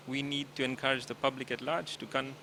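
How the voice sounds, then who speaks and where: A man doctor explaining health matters in a slow, explanatory way in a news interview clip. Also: medium pitch, flat delivery, vocal fry, pushed and bright. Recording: outdoor crowd noise behind.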